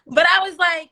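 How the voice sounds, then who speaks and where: A woman's voice: very high voice, bright, forceful tone, slight background noise. A woman who calls herself a healer, in a candid podcast conversation, telling an emotional story vividly and acting out her inner dialogue.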